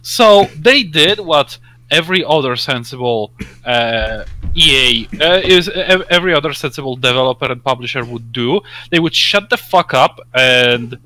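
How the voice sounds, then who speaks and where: Bright, lively man chatting on a podcast. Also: mid-range voice. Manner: excitable, sarcastic, quick to laugh. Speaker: podcast co-host. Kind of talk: casual gaming podcast chat.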